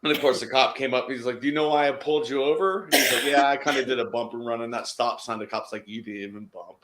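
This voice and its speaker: A man's voice: mid-range voice, steady tone, quick pace, a bit bright, a little hiss or hum. A man chatting casually, telling a story with plenty of agreeing noises and casual swearing. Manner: chatty, swears casually, back-channels a lot.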